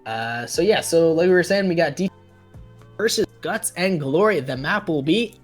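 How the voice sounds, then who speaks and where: A young man casting a mobile esports match live, chatty and relaxed, greeting viewers in the chat. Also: a little high, moderate pace, faint music behind. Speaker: esports caster.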